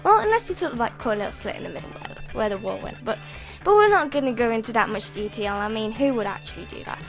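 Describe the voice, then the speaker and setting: A British woman with a high-pitched voice chats loosely to her computer while showing off a game build, restarting her sentences and giggling as she goes. Faint music plays softly in the background. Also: lively intonation, fast talker. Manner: rambling, self-interrupting, giggly. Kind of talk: casual gameplay commentary. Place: at home at a computer.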